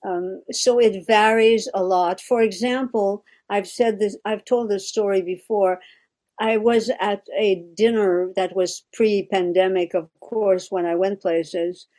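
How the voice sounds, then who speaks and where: Here a woman from Quebec, a native French speaker, talks casually as a guest at a measured pace. Her medium-pitched voice is steady and a little mellow, and she sounds reflective, searching for words and frequently starting over.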